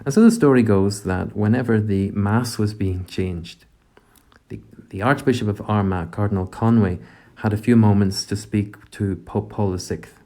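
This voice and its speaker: A man leading a gentle, reflective prayer meditation, speaking directly to God. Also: fairly low pitch, normal speed.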